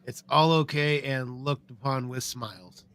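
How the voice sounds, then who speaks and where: Deadpan agreeable man on a podcast. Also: mid-range voice, unhurried, smooth. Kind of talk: casual podcast chat.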